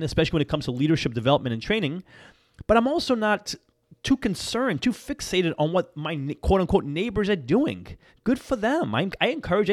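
This is a man hosting his own motivational podcast. His voice sits a bit high and swings widely in pitch as he stacks up emphatic, encouraging phrases. The sound is close and dry, with no room around it. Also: dry recording. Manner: earnest, encouraging, emphatic repetition. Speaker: podcast host and coach.

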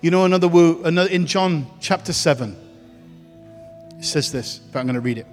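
A man preaches with a high, ringing voice, building his points through insistent repetition. His sermon carries a long hall reverb, with faint music underneath. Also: a little fast. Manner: impassioned, repetitive preaching cadence. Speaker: pastor. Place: church hall.

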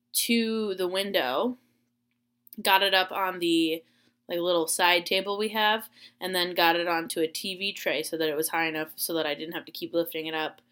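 A young woman from Florida, a teacher, rambles through a personal story in a relaxed vlog. Her voice is bright and clear. She is chatty, pokes fun at herself, and fills the pauses with "uh" and "um". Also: on the low side. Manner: chatty and self-deprecating, with many fillers.

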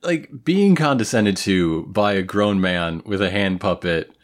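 Low-voiced man in wry podcast chat. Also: lively intonation, a little slow. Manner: wry, offhand commentary with fillers. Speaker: podcast co-host. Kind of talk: casual anime episode recap chat.

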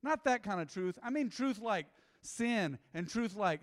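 A middle-aged man preaching a sermon as pastor, lively and humorous, with acted-out quotes. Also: sits high, unhurried, few pauses. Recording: echoey hall with long reverb.

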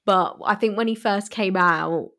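A young woman co-hosts a casual podcast chat, telling stories animatedly and giving blunt opinions. Her medium-pitched voice is bright and forceful, delivered at a measured pace.

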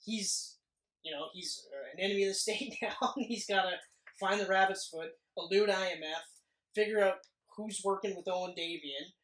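In a casual movie review chat recorded in an echoey room, a podcast co-host with a high-pitched, fairly bright voice rambles, jokes and laughs often.

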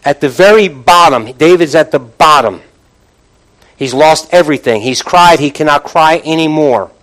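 A man preaching a sermon, emphatic and repetitive, often dropping to a low, quiet voice and calling out questions to the congregation. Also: normal speed, poor audio.

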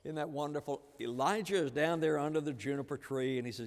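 A man preaching a sermon, earnest and repetitive, swinging from loud emphasis to hushed lines. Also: on the high side, fast. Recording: long reverb of a large hall.

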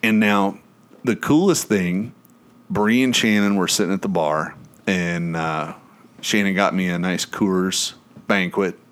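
A man's voice: low voice, unhurried, fairly bright tone, clear, resonant tone. A man, telling a long rambling story on a podcast, swearing freely and acting out what people said. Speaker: podcast host. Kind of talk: casual chat.

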